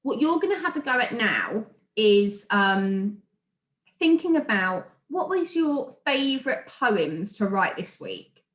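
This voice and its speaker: With a fairly high, sing-song and fairly bright voice, a British woman speaks slowly while sounding out words for little children. She's a primary school teacher recording a remote lesson in an echoey room, and her tone is encouraging.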